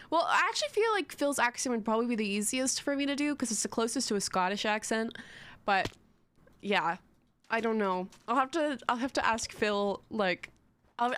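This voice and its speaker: A woman's voice: fairly high pitch, fairly bright tone. A young woman streaming live, chatting in a rambling, giggly, self-mocking way to her chat.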